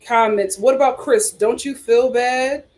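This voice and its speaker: A woman's voice: a little high, steady tone, a little slow, darkish tone. A woman hosting a casual commentary show, reading articles and viewer comments aloud and reacting in an outspoken, exclaiming way. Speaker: host.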